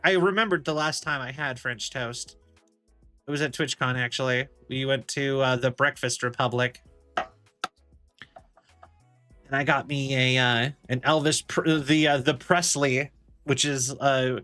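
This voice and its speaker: A man's voice: mid-range voice, bright, forceful tone. Man, streamer, casual rambling chat, laughs a lot, faint music behind. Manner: rambling, chatty, laughs often, many restarts. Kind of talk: casual chat while gaming.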